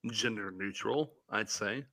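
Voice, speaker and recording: A man's voice: fairly low pitch, a little slow, sharp tone. A man co-hosting a casual podcast, easygoing and chatty. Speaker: podcast co-host. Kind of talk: casual chat.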